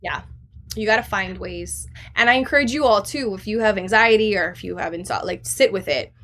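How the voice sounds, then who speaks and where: A woman appears as a guest on a casual podcast, speaking candidly and earnestly as she tells personal stories and acts out what others said. Her voice is medium-pitched, brisk, and sharp.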